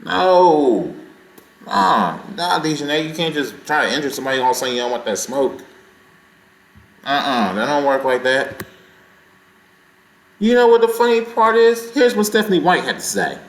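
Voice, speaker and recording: A man with a high voice hosts a sports reaction vlog and rants in an excitable, rambling way. His pitch swings widely as he talks, and the room around him is echoey. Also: normal speed, long pauses. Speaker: sports channel host.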